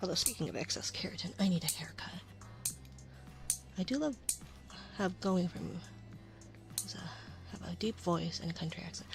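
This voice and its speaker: A woman streamer chatting casually in an ASMR stream, rambling and often dropping into a soft whisper. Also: lowish voice, normal speed, creaky, long pauses, soft background music. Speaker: VTuber streamer.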